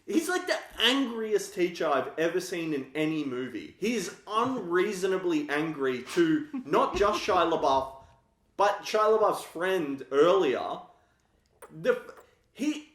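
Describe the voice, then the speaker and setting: A man's voice: sits high, big pitch swings, unhurried. Blunt man in an echoey room. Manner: blunt, laughing critic. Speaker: podcast co-host. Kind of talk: casual film chat.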